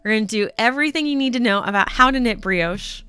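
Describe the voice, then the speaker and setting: A woman chatting with her viewers during a knitting live stream, excitable and easygoing. Her voice is bright and smooth, a bit higher than most, and she takes her time. The mic is close and dry. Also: quick pace, no room sound. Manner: chatty, excitable, says "um" and "y'all" often.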